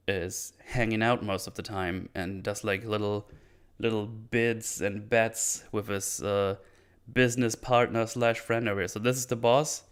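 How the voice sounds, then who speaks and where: Smooth low-voiced man recapping a film. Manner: loose and rambling, swears, acts out quotes. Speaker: film reviewer. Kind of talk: casual movie recap.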